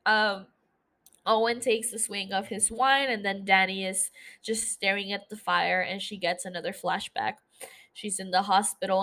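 A woman's voice: mid-range voice, fairly bright tone. Casual woman recapping a show. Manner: casual retelling with swearing and gushing asides. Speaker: podcast host.

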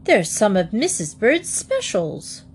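Proper young bear, slow and a bit haughty; a woman reader voicing him. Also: mid-range voice, huge pitch swings, a little hiss or hum.

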